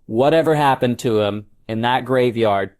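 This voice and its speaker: A man's voice: mid-range voice, moderate pace, darkish tone, close to an everyday voice. A male audiobook narrator voicing an earnest, protective adult man. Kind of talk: audiobook character reading.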